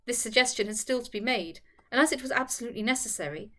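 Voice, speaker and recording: A woman reading a nineteenth-century novel aloud in a measured, formal way. Her voice sits fairly high. The delivery is steady and clear throughout. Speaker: audiobook reader. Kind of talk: scripted narration of a classic novel.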